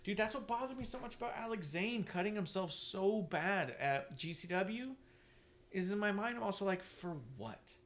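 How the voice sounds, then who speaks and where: Man, talk-show co-host, raised pitch, bright and forceful tone, swears freely and imitates people when he tells a story. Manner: animated, profane, quick to quote others in a mocking voice. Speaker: podcast co-host. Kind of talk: casual chat. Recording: online stream.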